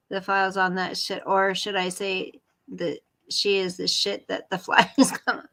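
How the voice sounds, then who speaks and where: A woman's voice: on the high side, fairly even intonation, unhurried, pushed and bright, low-quality recording. A woman hosting a casual livestream, talking bluntly and rambling to her chat and her pet at home. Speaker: livestream host. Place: home room.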